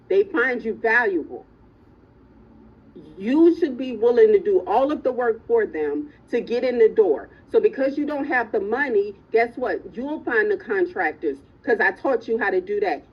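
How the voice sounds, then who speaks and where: An emphatic woman coaching her students live, her voice husky and a little raspy. The audio is muffled and low-fi, as if it came through an online call. She keeps checking in with her listeners. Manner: motivational, emphatic, repeats "right?" and "okay?". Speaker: real estate coach.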